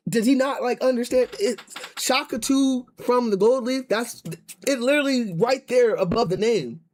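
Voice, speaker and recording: A man with a high voice rants through a casual live stream. He rambles, restarts his sentences and keeps circling back to the same point. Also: moderate pace. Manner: ranting, rambling with many restarts. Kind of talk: casual chat.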